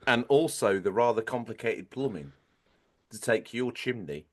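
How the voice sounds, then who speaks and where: A man's voice: medium pitch, animated, normal speed. A man, co-hosting a gaming podcast in casual chat, playful and rambling with tongue-in-cheek tall tales. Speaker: podcast co-host.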